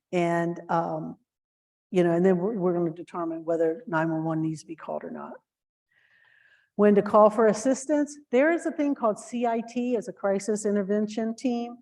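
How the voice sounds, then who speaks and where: Woman teaching shelter volunteers, mellow warm voice, earnest, lots of um and uh. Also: mid-range voice. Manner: earnest, instructive, with many fillers and restarts; acts out example phrases in a lifted voice. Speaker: volunteer trainer. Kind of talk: training talk to volunteers.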